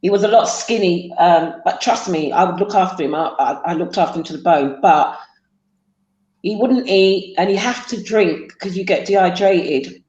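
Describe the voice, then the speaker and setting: A middle-aged woman, a guest on a talk show, tells her son's story haltingly with many fillers. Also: lowish voice, a little mellow, lo-fi sound. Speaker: guest, mother of a man with sickle cell. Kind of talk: emotional interview storytelling. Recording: roomy echo.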